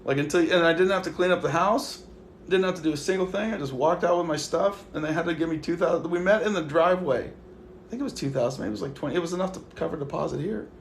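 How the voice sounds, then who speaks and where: A young man on a live stream tells a story with lots of swearing, acting out his side of the conversations. His voice sits a little high and lively. The room around him is roomy, with a faint hiss underneath. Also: quick pace, vocal fry. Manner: animated storytelling, swearing, quoting himself. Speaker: livestream host. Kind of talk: casual livestream chat.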